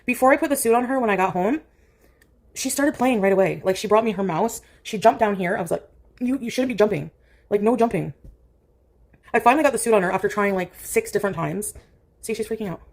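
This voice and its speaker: Talking fast in a mid-range voice, this woman rambles through a casual livestream chat, leaning heavily on the word "like." Now and then the streamer switches to soft baby talk for her cat.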